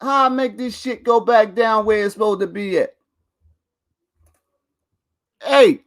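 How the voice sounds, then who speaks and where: A man's voice: high-pitched, brisk. A man hosting his own video channel, rambling and swearing as he talks straight to viewers and laughs between lines. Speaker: vlog host. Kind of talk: casual rant to camera.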